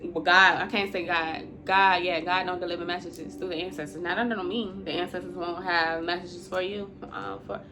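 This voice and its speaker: A woman's voice: fairly low pitch, steady tone, normal speed, hardly any pauses. A woman giving a casual spiritual talk to her viewers. She is chatty, calls them y'all and laughs often. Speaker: intuitive spiritual reader. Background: music.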